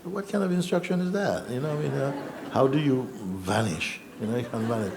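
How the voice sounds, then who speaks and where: A man giving a spiritual talk, telling a personal story in an unhurried, reflective way with soft laughs and hesitations. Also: medium pitch, vocal fry, background noise. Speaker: spiritual teacher. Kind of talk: satsang storytelling. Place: satsang gathering in Rishikesh.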